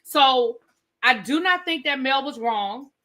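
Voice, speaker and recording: A woman hosting a casual reality TV recap, opinionated and animated, acting out what people said. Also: high-pitched, slow pace. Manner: animated, opinionated, acts out quotes. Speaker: recap show host.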